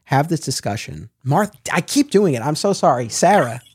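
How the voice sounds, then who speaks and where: A podcast host talking in casual chat, his voice a little higher than most men's and swinging widely in pitch. He is animated and keeps stopping to correct himself. The sound is close and dry. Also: normal speed, slightly rough, no echo.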